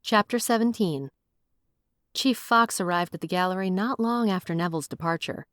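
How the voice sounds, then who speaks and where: Audiobook narrator: woman, wry and expressive, lowish voice, dry booth sound. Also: moderate pace, no echo. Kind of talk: scripted first-person audiobook narration.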